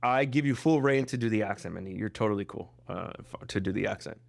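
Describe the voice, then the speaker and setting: A man's voice: on the low side, quick pace, gravelly, no echo. A man hosting a podcast over a video call, talking casually and joking, with many fillers and restarts. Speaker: podcast host. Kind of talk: casual chat.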